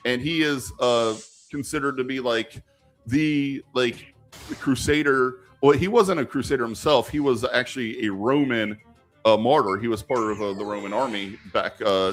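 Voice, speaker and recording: Male live stream host, casual Q&A, mid-pitched, rambling with many restarts. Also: fairly bright tone. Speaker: live stream host answering viewer questions.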